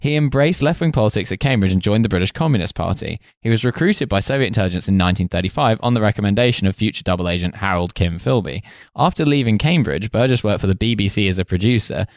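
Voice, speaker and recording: A man's voice: low-pitched, no echo, studio quality. A man hosting a comedy podcast, reading notes in a jokey, laughing way with many fillers. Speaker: podcast host.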